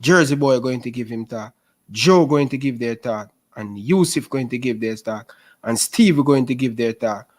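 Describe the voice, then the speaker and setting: A man hosting a casual post-match football fan stream, excitable and repetitive, often calling people bro. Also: mid-range voice, normal speed. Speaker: fan show host.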